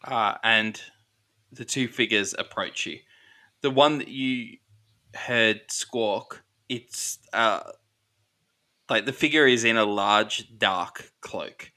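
A man narrating a tabletop game as game master, describing scenes in a measured way. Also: fairly low pitch, sharp tone.

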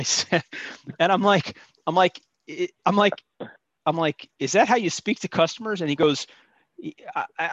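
A man's voice: fairly high pitch, a bit bright, dry recording. A man calling in to tell a story in a rambling, indignant way. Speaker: caller telling a story. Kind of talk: casual phone-in storytelling. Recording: dull, dry lo-fi line.

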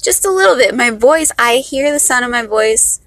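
A young woman from Miami talks off the cuff in a vlog, poking fun at herself as she goes. Her speech carries a Miami accent with a valley-girl lilt, set a little high and bright, with a gravelly fry on the ends of phrases. The recording is dry and close. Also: expressive, moderate pace, no echo, low-quality recording. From Miami, Florida. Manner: chatty, self-mocking, loose. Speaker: vlogger. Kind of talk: casual unscripted rambling.

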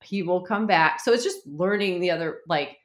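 A woman's voice: lowish voice, moderate pace. A woman in her thirties chatting casually and animatedly about marriage and parenting, laughing often. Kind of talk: casual chat. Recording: echoey room.

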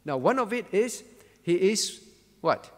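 A man's voice: high-pitched, big pitch swings, measured pace, a bit bright, in a large hall. A male pastor leading an interactive Bible study, asking questions, calling on listeners by name and repeating key words.

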